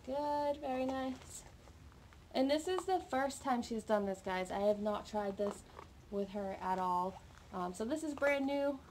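A woman dog trainer explaining a live training session to viewers while working with her puppy off camera, coaching in an upbeat way. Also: a little high. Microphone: camera mic, off camera. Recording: noticeable background noise with training clicks.

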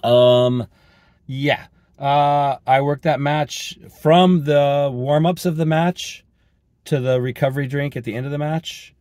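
A hoarse, raspy man from Colorado, chatting in a rambling, upbeat way with lots of ums while he drives. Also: on the high side, fairly even intonation, slow, no echo, studio quality. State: hoarse from a cold. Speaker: vlogger and soccer referee. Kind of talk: casual driving vlog. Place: inside a moving car. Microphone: dash-mounted action camera. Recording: loud road and car noise.

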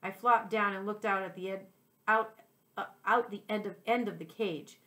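A woman, a second-grade teacher, reading a children's chapter book aloud in a gentle, clear way, with small slips she corrects. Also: medium pitch, fairly even intonation, normal speed.

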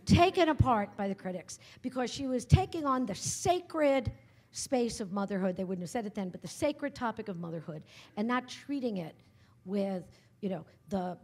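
A woman's voice: mid-range voice, a little mellow, husky. A woman humorist giving a conversational, story-filled lecture to a live audience, often tagging her points with asides. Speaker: humorist giving a public talk. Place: lecture hall at a writers' workshop.

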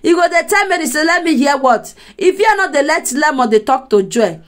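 A Nigerian woman telling gossip to her viewers in a lively, talkative way, laughing now and then. Her voice sits a little high. She sounds casual and direct, as if chatting with friends. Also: brisk. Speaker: gossip commentator.

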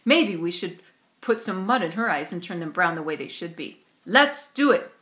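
Woman putting on loud taunting school bullies. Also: on the low side, lively intonation, moderate pace. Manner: jeering, threatening. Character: mean bullying schoolboy twins, loud and taunting. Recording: roomy echo.

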